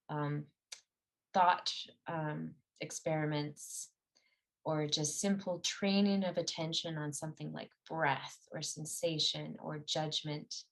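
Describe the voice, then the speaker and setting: A middle-aged woman teaching a mental-training class, speaking in an earnest, conversational way with some fillers and self-corrections. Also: low voice. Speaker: meditation and ski performance teacher. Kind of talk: guided class talk.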